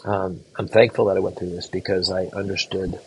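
Middle-aged guy teaching, lowish gravelly voice, earnest and halting, keeps restarting words. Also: flat delivery, a little mellow, a little hiss or hum, low-quality recording. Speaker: physician assistant educator. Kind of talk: storytelling lecture to students.

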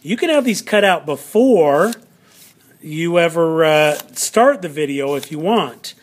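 A man's voice: a little high, lively intonation, a little slow. A man teaching a classroom lesson on video, patient and explaining step by step, repeating key words for emphasis.

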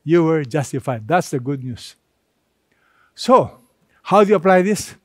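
Guy preaching, kinda high voice, punchy rhetorical questions, dry mic. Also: animated, unhurried, no room sound. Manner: emphatic, rhetorical questions to the congregation. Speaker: pastor. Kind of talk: sermon.

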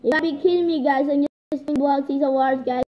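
A woman giving excitable, chatty commentary while playing a game, often calling out to "guys". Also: high voice, fast talker, highs cut off. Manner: excitable, keeps repeating "guys". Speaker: gaming vlogger.

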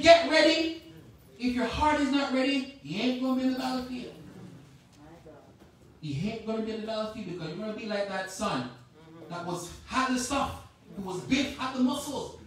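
Echoey woman preaching a passionate sermon. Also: a little high. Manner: impassioned, swings from loud exhortation to quiet reflection. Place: church sanctuary. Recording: very echoey church from a distant mic.

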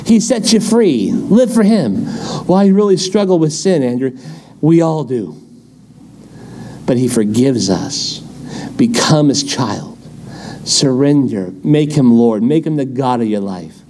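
A man's voice: mid-range voice, warm tone, slight background noise. A middle-aged man with a Californian accent, preaching a sermon as pastor, exhorting with folksy asides.

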